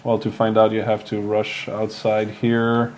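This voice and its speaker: A man hosts a casual game livestream, rambling and halting as he plays. His talk is full of fillers and restarts. Faint background noise sits under the voice. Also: fairly low pitch, monotone, rough recording. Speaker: livestream host. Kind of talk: casual gameplay stream chat.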